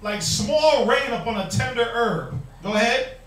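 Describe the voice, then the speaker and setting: High-voiced emphatic preacher man. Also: expressive, unhurried, fairly bright tone. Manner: emphatic, rhetorical questions, mock quoting. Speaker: Bible class teacher. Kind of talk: preaching-style Bible class. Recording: echoey room, mic far off.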